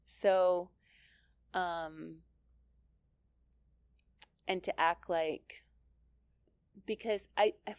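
A woman's voice: lowish voice, steady tone, extremely slow, pauses often, clean tone, dry recording, studio quality. A middle-aged woman giving an earnest, conversational Christian teaching talk, laughing lightly and often restarting her sentences. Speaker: speaker teaching mothers.

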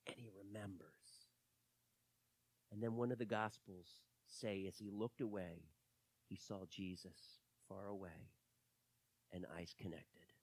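A man preaching a sermon, telling stories animatedly and swinging between loud bursts and hushed moments. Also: low voice, steady tone, slow, long pauses, husky.

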